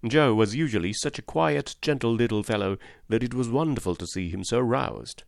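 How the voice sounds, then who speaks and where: A man narrating an audiobook in a steady, measured storytelling manner. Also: medium pitch, creaky, dry recording, studio quality. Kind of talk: scripted narration.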